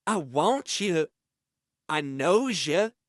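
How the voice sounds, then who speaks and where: A man voicing an obsessive, menacing male inmate who drawls slowly and drops his grammar. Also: fairly high pitch, sing-song, dry recording, clean studio sound, exaggerated voice. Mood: leering. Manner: slow drawling voice with dropped grammar.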